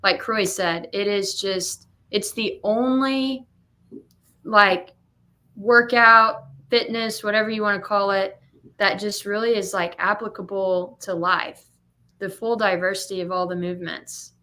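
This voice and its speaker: A young woman who owns a gym, chatting casually and telling stories with lively acted-out quotes. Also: medium pitch, measured pace. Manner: animated storyteller, acts out quotes. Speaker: gym owner and coach. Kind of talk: casual podcast chat.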